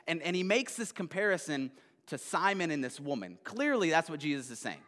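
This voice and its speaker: Man, pastor, casual rambling sermon, slightly high voice, long hall echo. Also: very animated, brisk, fairly bright tone. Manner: conversational, rambling, frequent "right?".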